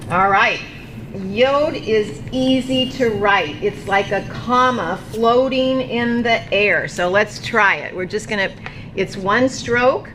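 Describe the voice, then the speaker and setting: A woman's voice: mid-range voice, a bit bright. A woman teaching a beginner Hebrew alphabet lesson from a ministry office, getting viewers to repeat the sounds aloud after her. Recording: noisy background.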